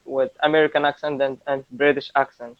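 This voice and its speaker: A Moroccan man practising English on a video call, halting and repeating words as he goes. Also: mid-range voice, flat delivery, no echo, narrow, tinny audio. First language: Moroccan Arabic. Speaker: English learner. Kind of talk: casual video-call lesson.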